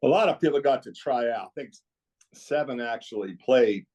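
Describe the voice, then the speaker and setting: A man's voice: medium pitch, expressive, normal speed, a little mellow. Man reminiscing about coaching. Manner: rambling, reminiscing storyteller. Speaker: guest, former girls' club basketball coach. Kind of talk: casual podcast conversation.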